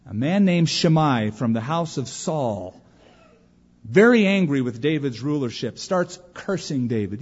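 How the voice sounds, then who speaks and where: With a slightly rough, mid-range voice and a pace that runs a little slow, this pastor preaches animatedly, acting out the quoted voices in his stories. Long hall reverb fills the dull-sounding recording.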